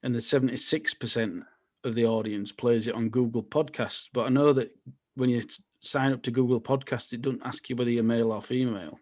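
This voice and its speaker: A man co-hosts a relaxed podcast in a plain, matter-of-fact way. He reads out figures steadily, in an average middle-pitched voice. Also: a little fast. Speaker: podcast co-host. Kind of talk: casual chat.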